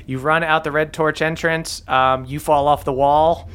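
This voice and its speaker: A man's voice: a little high, flat delivery, a little slow, fairly bright tone. A man narrating as game master of a tabletop game, often laughing as he describes what happens.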